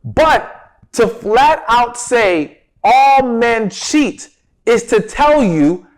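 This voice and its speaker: A man's voice: very high-pitched, big pitch swings, drawn-out words. A man giving relationship advice as a coach, talking straight to his viewers, stressing key words and answering his own questions. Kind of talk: direct-to-camera advice talk.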